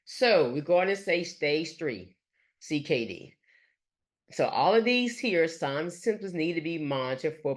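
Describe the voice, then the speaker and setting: Halting lecturer full of fillers. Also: medium pitch. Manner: halting, with frequent fillers like "let's say" and "gonna". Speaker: nurse educator. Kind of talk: recorded lecture over slides.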